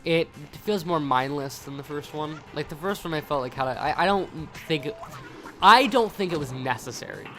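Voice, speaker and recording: A man's voice: on the high side, animated, moderate pace, fairly bright tone, soft background music. A young American man with an American accent, rambling through casual let's-play commentary, stumbling over words and swearing. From United States. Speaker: gaming YouTuber.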